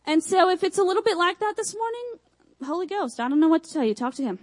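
A young woman from Michigan with a Texan accent, preaching a sermon with emphatic repeated phrases and quick asides. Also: very high-pitched, big pitch swings, low-quality recording.

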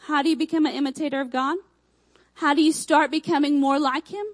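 High-voiced woman preaching with emphasis. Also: steady tone, rough recording. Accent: Texan. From Michigan. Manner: emphatic, repetitive preaching with quick asides. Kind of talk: sermon.

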